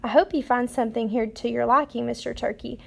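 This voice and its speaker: A woman voicing a warm, hospitable female moose in a storybook reading, sweet and welcoming. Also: fairly high pitch, steady tone, brisk, gravelly. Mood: gracious.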